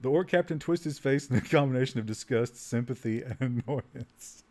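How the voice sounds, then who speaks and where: A man's voice: mid-range voice, measured pace, long pauses, a little mellow. A man streaming, reading out a text adventure game aloud, often laughing at it and trailing off while he types. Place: home streaming setup.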